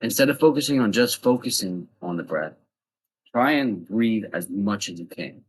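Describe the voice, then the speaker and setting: A young East Coast American man with a lowish, slightly rough voice gives casual vlog advice at normal speed with lively intonation. Earnest and loosely structured, his talk is full of fillers, in a dry, low-quality recording.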